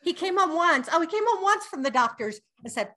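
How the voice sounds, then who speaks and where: High-pitched middle-aged lady co-hosting a podcast, chatty storyteller, laughs a lot. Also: very animated, brisk, pushed and bright. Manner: laughs often, quotes her dad in a gruff voice. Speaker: podcast co-host. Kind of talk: casual storytelling chat.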